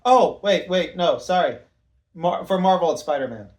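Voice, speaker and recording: A man's voice: fairly high pitch, expressive, normal speed. A man co-hosting a casual comedy podcast, chiming in with dry, puzzled questions. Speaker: podcast co-host.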